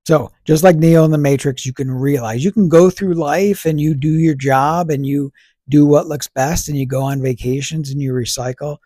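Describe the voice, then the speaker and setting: Male podcast host, slightly raspy, casual reflective delivery, asks and answers his own questions. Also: fairly high pitch, fairly even intonation, moderate pace, mellow, no room sound, studio quality. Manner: asks rhetorical questions and answers them himself; conversational, fillers like "you know" and "right".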